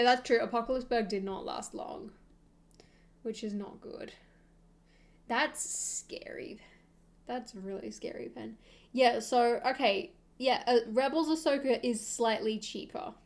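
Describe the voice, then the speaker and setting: A young woman streaming, chatting casually and thinking aloud with soft laughs. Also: on the high side, measured pace, vocal fry.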